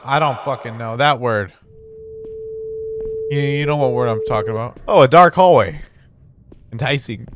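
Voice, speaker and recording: A man's voice: mid-range voice, unhurried, a bit bright, no echo. A young man giving casual, profane commentary while playing horror games, nervous and jumpy, talking back to the characters. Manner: jumpy, swearing, nervous laughter, talks to game characters. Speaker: gaming YouTuber. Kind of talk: horror game let's play commentary.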